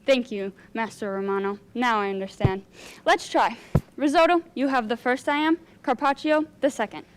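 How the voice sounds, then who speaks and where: A woman's voice: fairly high pitch, normal speed, a little hiss or hum, lightly acted. A young woman playing a practical female troupe member who organizes the others in a school stage play. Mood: organizing. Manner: bossy, organizing.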